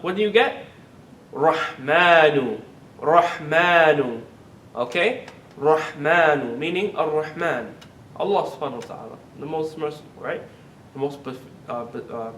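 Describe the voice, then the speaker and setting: A man teaching an Arabic grammar class, asking the students questions, having them repeat words and drawing words out slowly to model them. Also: a bit bright, recorded from a distance. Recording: echoey classroom recording with faint rumble.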